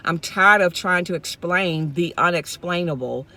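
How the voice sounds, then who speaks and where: A woman's voice: on the low side, a little slow, few pauses, sharp tone. A woman from Mississippi, talking straight to her viewers in a casual vlog, impassioned and repeating herself as she goes, speaking from her car. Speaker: YouTube vlogger.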